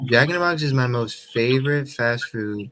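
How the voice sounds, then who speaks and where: A man's voice: medium pitch, lively intonation, moderate pace, fairly bright tone. A man in casual roundtable chat, telling an easygoing, enthusiastic story. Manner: laid-back, enthusiastic storytelling. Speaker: roundtable panelist.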